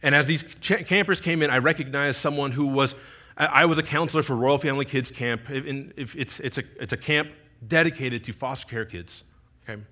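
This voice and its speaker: A man's voice: medium pitch, brisk, sharp tone. A young man giving a sermon as a youth pastor, telling a personal story in a conversational, emotional way with frequent restarts.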